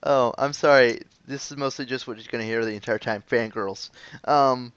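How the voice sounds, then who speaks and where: A man hosting a casual online interview, excitable and gushing, laughing often. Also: medium pitch, normal speed, smooth, no echo, muffled recording. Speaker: interview host.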